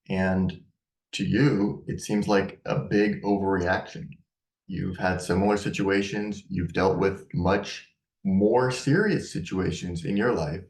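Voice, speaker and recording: A man giving parenting advice in a casual, direct, explanatory way. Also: fairly low pitch. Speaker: parenting educator. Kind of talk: advice talk to camera. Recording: echoey room.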